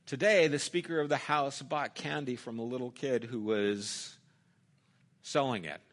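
A middle-aged male pastor delivers a sermon in a relaxed, conversational manner. His voice is bright and of middle pitch. He swings between loud emphatic bursts and hushed, intimate asides. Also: measured pace.

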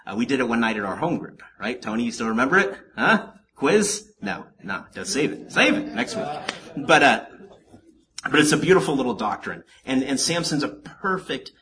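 Guy preaching a bible study, lively swooping voice, jokes around and talks to the crowd. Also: mid-range voice, normal speed. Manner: animated and joking, with asides to the congregation. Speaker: pastor teaching a Bible study. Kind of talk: sermon.

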